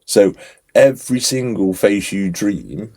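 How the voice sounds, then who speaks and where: Low husky man, dark tone. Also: slow pace. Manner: animated storytelling, lots of fillers. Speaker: podcast co-host. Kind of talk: casual chat.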